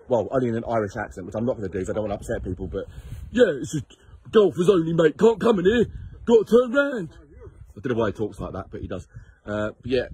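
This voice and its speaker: A man's voice: medium pitch, darkish tone, husky. A man leading a charity motorbike trip, talking to his handheld phone camera outdoors on a headland, chatty and rambling, tired from little sleep. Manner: rambling, self-mocking, chatty. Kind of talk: casual vlog to camera.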